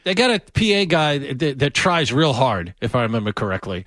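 A man's voice: mid-range voice, very animated, brisk, fairly bright tone, no room sound. A man co-hosting a sports podcast, telling wry, self-mocking stories in casual banter. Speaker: podcast co-host.

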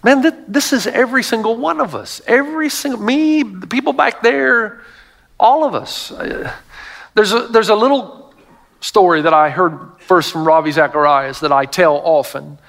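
A man's voice: high voice, moderate pace, creaky, fairly bright tone. A middle-aged male pastor preaching a sermon to a congregation, telling stories with emphatic asides.

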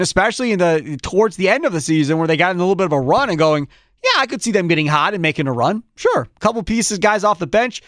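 Guy hosting sports talk, high voice that jumps all over, dry close sound, opinionated. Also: dry recording. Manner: animated, opinionated, talks through quick restarts. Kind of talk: sports betting talk show.

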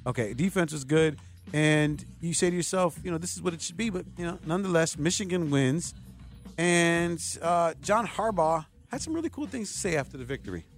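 Chatty sports radio host in his thirties. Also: a little high. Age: 30s. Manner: rambling, chatty, addresses listeners directly. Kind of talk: casual sports talk monologue.

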